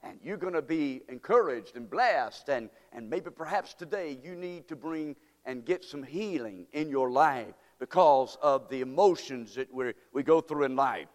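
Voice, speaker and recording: A male pastor preaching a sermon, reading scripture slowly and with emphasis, calling on the congregation to respond, then praying. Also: mid-range voice. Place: church sanctuary. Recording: reverberant hall.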